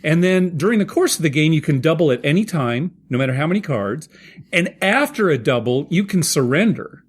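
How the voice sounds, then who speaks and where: A man hosting a casual gambling podcast, telling stories in an animated way and laughing often. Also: on the high side, brisk, breathy edge. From Southern California. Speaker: podcast host. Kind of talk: casual chat.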